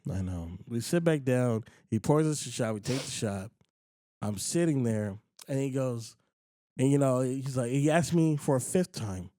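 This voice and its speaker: A man hosting a podcast, telling a story in casual chat, animated and acting out other people's lines, with frequent swearing. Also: mid-range voice, moderate pace, no echo, clean studio sound. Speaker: podcast host.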